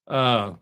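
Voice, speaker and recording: A man's voice: mid-range voice, fairly bright tone. A middle-aged man, chatting loosely and profanely with viewers as a live-stream host. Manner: rambling, loose and profane, with frequent restarts. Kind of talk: casual live-stream chat.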